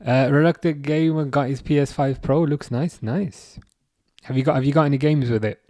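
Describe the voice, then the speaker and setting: A man's voice: mid-range voice, moderate pace, dark tone, no echo, studio quality. A young man hosting a live stream, reading viewer chat aloud and answering in a chatty, self-correcting way. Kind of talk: casual live chat commentary.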